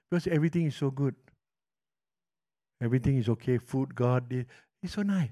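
Speaking briskly at medium pitch but with long pauses, this middle-aged Malaysian English-accented pastor delivers a sermon. His storytelling is animated, moving between loud passages and hushed ones.

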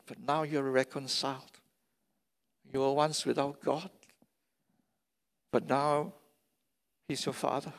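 A pastor with a smooth, mid-range voice preaches emphatically, repeating key phrases for stress. He is recorded in a large church hall with a long reverb.

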